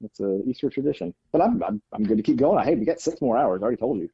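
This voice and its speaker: A man's voice: medium pitch, lively intonation, very fast, husky, no echo, muffled recording. A man with a Southern American accent, a podcast guest talking enthusiastically and joking over a call. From Alabama, United States. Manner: enthusiastic, joking, interrupts with teasing bursts. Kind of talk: casual podcast chat. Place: outdoors on a walk, then at home.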